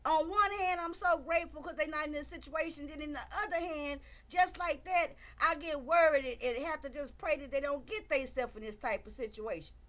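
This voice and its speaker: A woman's voice: high-pitched, fairly quick, hardly any pauses, a bit bright. A middle-aged woman giving emphatic casual commentary on a livestream, repeating herself for emphasis and talking straight to her viewers.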